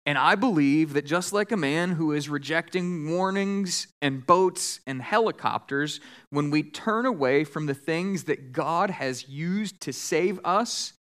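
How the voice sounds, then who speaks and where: Higher-voiced male pastor preaching. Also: measured pace. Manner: animated joke-telling, raising voice for characters. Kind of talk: sermon with storytelling. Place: church sanctuary.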